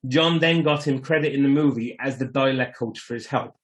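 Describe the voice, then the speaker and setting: A man with a medium-pitched, fairly quick voice co-hosts a podcast, giving a casual, matter-of-fact rundown of a film's plot and trivia.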